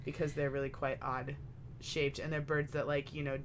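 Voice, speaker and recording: A woman's voice: sits low, little pitch movement, moderate pace, slight background noise. A young woman with a Minnesotan accent co-hosting a casual podcast chat with wry asides. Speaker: podcast co-host.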